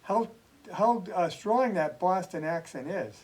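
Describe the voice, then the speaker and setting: A man hosting a relaxed TV interview who chats in an easygoing way. His voice is unusually high for a man. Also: a little slow, low-quality recording. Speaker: TV host. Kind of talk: casual interview chat.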